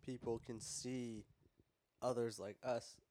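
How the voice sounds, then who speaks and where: A man's voice: medium pitch, takes it slowly, a little hiss or hum. Rambling young male podcast host. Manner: rambling, filler-heavy, animated. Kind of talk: casual podcast chat.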